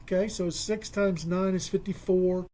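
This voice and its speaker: A man's voice: high-pitched, steady tone, normal speed, warm tone. A man hosting a radio sports talk show, casual and joking, telling stories and working things out aloud. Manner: joking, storytelling, thinks aloud with math.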